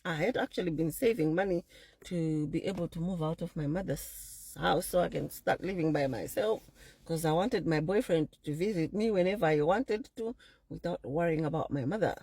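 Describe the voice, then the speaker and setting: A woman with a lowish, husky voice recounts her own story in a dry, close sound. She talks straight to her listeners and slips into the voices of the people she quotes. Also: normal speed, no room sound. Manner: animated storyteller who acts out quoted people; addresses the audience directly. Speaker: speaker sharing a personal story. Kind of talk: personal storytelling talk.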